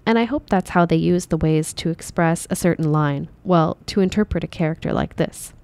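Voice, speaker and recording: A woman drama teacher calmly explaining an acting lesson in a measured, dubbed voice-over. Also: on the low side.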